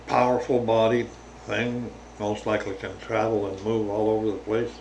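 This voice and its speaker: A man giving a slow, halting, casual spiritual reflection to his viewers, with many pauses and restarts. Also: on the low side, little pitch movement, slight background noise. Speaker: religious vlogger.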